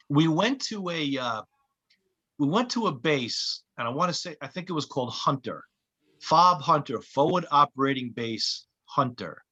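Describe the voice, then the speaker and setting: A man, a comedian and actor, telling lively anecdotes in casual chat and acting out the voices of people he quotes. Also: a little high, unhurried, husky, lo-fi sound. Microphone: podcast mic.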